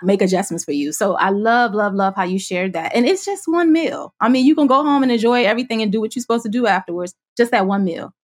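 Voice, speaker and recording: A woman's voice: mid-range voice, lively intonation, fast talker, hardly any pauses. A woman hosting a casual interview, enthusiastic and affirming, often laughing. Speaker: podcast host.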